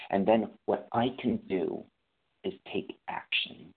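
A man's voice: on the low side, fairly even intonation, unhurried, breathy edge. A man sharing about recovery in a rambling, self-correcting, conversational way. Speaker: recovery program member sharing. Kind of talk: casual spiritual recovery talk. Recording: tinny phone-like sound.

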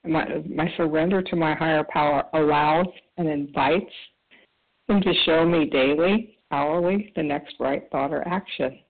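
A woman with a gravelly voice shares at a recovery meeting, talking softly and haltingly with long pauses. Her voice comes through a tinny phone line. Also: low voice. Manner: soft, halting, with many pauses. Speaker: meeting member sharing. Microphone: phone call.

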